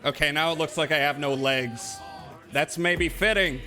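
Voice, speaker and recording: A man's voice: on the high side, moderate pace, sharp tone, faint music behind. A man live-streaming a game, chatting casually with his viewers in a rambling, profane way. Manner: rambling and profane, talks to chat.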